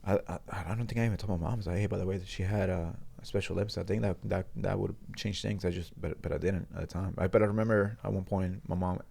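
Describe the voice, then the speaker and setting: A man, a guest in a studio interview, retelling a personal story in a halting, earnest way with frequent restarts. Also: deep voice, steady tone, creaky, mellow.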